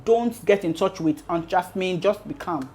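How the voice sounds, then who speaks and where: A woman voicing a mother who quietly reassures her grown daughter. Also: on the low side, moderate pace, soft background music, lightly acted. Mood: reassuring.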